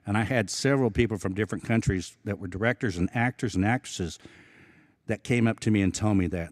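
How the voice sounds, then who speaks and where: An Osage man from Oklahoma, a film actor speaking as an event guest, telling stories in a halting, earnest way with many restarts. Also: lowish voice, no room sound, studio quality. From Osage Nation, Oklahoma. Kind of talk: casual storytelling talk. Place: public evening event.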